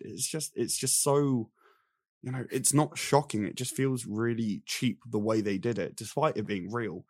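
A young man running through his notes in an exasperated, animated rant. His quoted character voices are mocking. The sound is dry and close. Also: medium pitch, moderate pace, no room sound. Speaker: film review podcast co-host. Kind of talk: casual chat.

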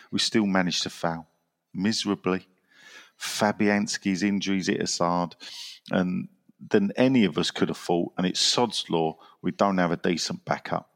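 A man hosting a casual football podcast, reading out listener messages in a dry, wry way and laughing at his own jokes. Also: on the low side.

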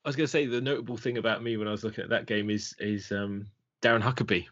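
A man's voice: on the low side, steady tone, fast, a bit bright. A man co-hosting a casual football podcast, talking hesitantly with many restarts and fillers. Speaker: podcast co-host. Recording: dull lo-fi sound.

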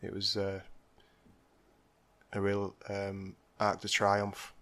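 A man with a lowish, even voice talks casually about a film, feeling his way through each thought. He pauses often and trails off before finding the next word. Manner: hesitant, with many ums and trailing phrases. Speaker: podcast co-host.

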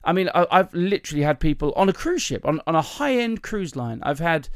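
Animated male comedian. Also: fairly high pitch, a little fast, no echo, clean studio sound. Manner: animated, sing-song when acting out jokes. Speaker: comedian podcast host. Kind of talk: casual chat and joke telling.

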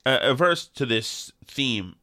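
A man's voice: mid-range voice, animated, slow pace, pushed and bright, no echo, clean studio sound. A man hosting a casual radio chat show, riffing with sarcastic jokes. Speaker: host.

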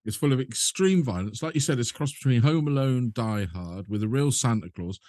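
A man's voice: mid-range voice, animated, brisk, a little mellow, no echo, clean studio sound. A man co-hosting a casual podcast chat, talking keenly and often stopping to restart his words. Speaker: podcast co-host.

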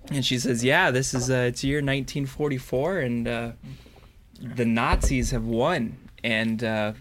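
A man's voice: mid-range voice, steady tone, fairly bright tone, slight background noise. A man co-hosting a fan podcast, recapping an episode in a rambling, joking way. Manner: rambling, crude jokes, halting restarts. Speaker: podcast co-host. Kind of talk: casual chat, episode recap.

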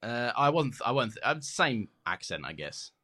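Man, podcast co-host, casual chat, animated delivery, bright voice, laughs easily. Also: mid-range voice, moderate pace.

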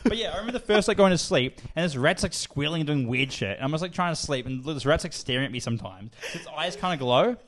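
A young-sounding man co-hosting a podcast, telling a crude, swear-filled story and laughing as he goes. His voice sits a little high and jumps all over the place. He talks fast. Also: animated, fairly bright tone. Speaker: podcast co-host. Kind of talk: casual storytelling chat.

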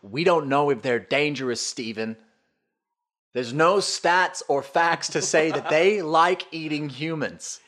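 A man's voice: on the high side, slow pace, fairly bright tone. A man co-hosting a casual podcast from an apartment, joking around and swearing freely. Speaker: podcast co-host. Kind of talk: casual chat.

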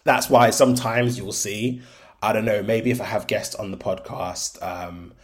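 A man's voice: on the low side, fairly even intonation, a little slow. A young man with a Birmingham accent that drifts toward London, hosting a casual solo podcast in a frank, chatty way full of ums and likes. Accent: Birmingham (Brummie), shifting toward London. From Birmingham, England. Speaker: podcast host.

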